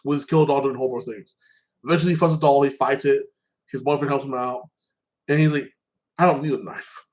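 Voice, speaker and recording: A man's voice: mid-range voice, fairly even intonation, fast, a little mellow, rough recording. Rambling man recapping a TV show. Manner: rambling, repeats "like that", swears freely. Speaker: show reviewer. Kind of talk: casual TV episode recap.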